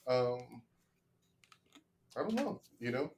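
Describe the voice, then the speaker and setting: A comedian making a rambling, casual case on a podcast, often asking "you know what I mean?". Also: male voice, mid-range voice, big pitch swings, takes it slowly, darkish tone, slight background noise. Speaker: comedian defending a film.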